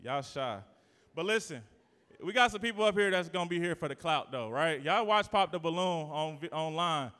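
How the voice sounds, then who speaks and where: A man hosting a live event, working the crowd in a loud, teasing, playful way with sudden shouts. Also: on the high side, lively intonation, moderate pace. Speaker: event host and emcee. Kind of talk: live hype emcee to a crowd. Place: live event venue indoors. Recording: long reverb of a big event hall.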